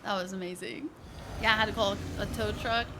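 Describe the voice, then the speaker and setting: A woman from Ohio streaming a video game live, gushing with excitement and chatting to her viewers. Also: mid-range voice, brisk, noisy background. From Ohio, USA. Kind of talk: live gameplay reaction.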